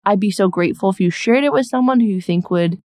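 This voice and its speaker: A woman's voice: mid-range voice, quick pace, a little mellow. A young woman hosting her own podcast, talking in a bubbly, effusive, casual way with lots of "like" as a business coach.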